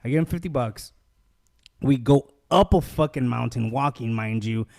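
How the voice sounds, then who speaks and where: A man's voice: medium pitch, moderate pace, creaky, dark tone. A young man hosting a podcast, telling a story in casual chat, swearing freely and acting out other people's lines. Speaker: podcast host.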